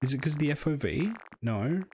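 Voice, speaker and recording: A man's voice: on the high side, expressive, brisk, a little mellow, slight background noise. A man from the United Kingdom streaming a game live, chatty and self-deprecating as he explains history between play. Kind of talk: casual live-stream commentary.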